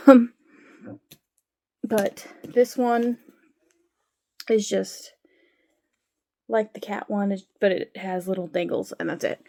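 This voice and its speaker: A woman's voice: medium pitch, darkish tone, a little hiss or hum. A woman chatting casually to camera at home, rambling with sighs and frequent fillers. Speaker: vlogger. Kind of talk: casual chat.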